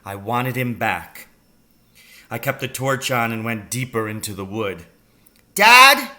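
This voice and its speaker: Bright-voiced man reading a children's story. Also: lowish voice, fairly even intonation. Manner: slow, deliberate storytelling. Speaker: reader. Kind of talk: reading a children's novel aloud.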